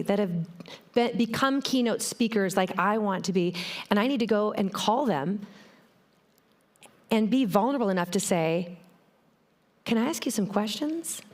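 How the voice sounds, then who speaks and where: Animated woman giving a keynote talk. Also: mid-range voice. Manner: animated, storytelling, addresses the audience directly. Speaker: keynote speaker. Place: conference stage before a live audience.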